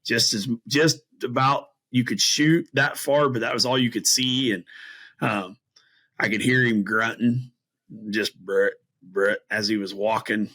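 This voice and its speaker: A middle-aged bowhunter and string maker guests on a podcast, telling a story casually and animatedly, acting out his own reactions between many fillers. His mid-range voice is steady, a little slow, and sharp, on a low-quality recording.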